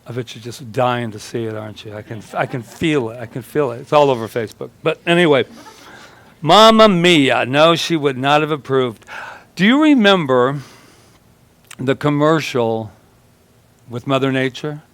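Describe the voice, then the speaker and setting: A male minister gives a chatty, humorous sermon, telling stories, acting out the voices he quotes, and laughing with the congregation. His mid-range voice is expressive at a moderate pace.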